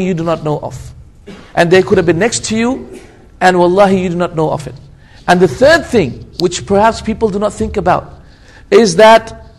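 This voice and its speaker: High-voiced man giving an emphatic sermon. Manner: emphatic, repeats phrases, swears by God for stress; mixes Arabic religious terms into English. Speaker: Islamic lecturer. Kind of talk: religious lecture.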